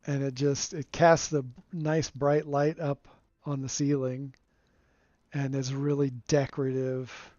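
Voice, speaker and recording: Slow, mellow man chatting over gameplay. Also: medium pitch, dry recording. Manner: relaxed, rambling, chuckles often. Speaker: game streamer. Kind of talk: casual gameplay commentary. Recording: dull lo-fi dry sound.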